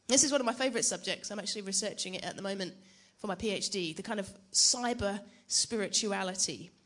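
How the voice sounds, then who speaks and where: A young woman gives a church teaching talk in a relaxed, conversational way. She jokes at her own expense and keeps turning questions back to the audience, her voice sitting at an ordinary middle pitch. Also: a little fast. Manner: chatty, self-deprecating, asks the audience questions. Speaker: preacher.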